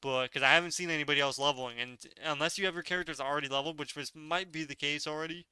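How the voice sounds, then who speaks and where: A man's voice: on the high side, fairly even intonation, very fast, sharp tone, smooth, no echo. A man giving casual gameplay commentary as a gaming video creator, rambling loosely with lots of filler words.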